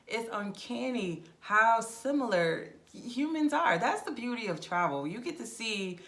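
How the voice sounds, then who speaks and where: A woman vlogger giving frank, direct travel advice in a casual monologue. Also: medium pitch. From United States. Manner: frank, direct, animated with acted-out anecdotes.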